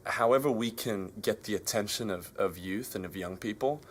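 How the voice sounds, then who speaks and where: A man's voice: on the low side, normal speed, a little hiss or hum. A young Australian man, a band member, answering interview questions earnestly with frequent restarts. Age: young adult.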